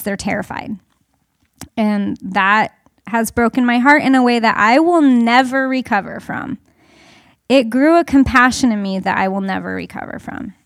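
A woman's voice: on the high side, dry recording, clean studio sound. A middle-aged woman giving a candid, chatty personal talk to a group, full of fillers. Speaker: speaker.

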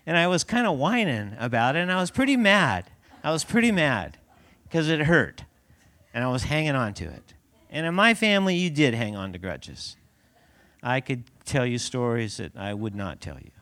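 A man's voice: a little high, big pitch swings, normal speed, a bit bright. A man giving a conversational sermon as a pastor in a church, laughing often and asking the congregation rhetorical questions.

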